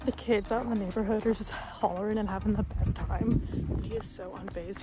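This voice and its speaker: A woman's voice: mid-range voice, steady tone, a little fast. A tired woman chatting casually to the camera outdoors by her horse after a ride. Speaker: horse vlogger. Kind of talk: casual on-location talk. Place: outdoor barn area. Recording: echoey, from a distance, music over. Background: music.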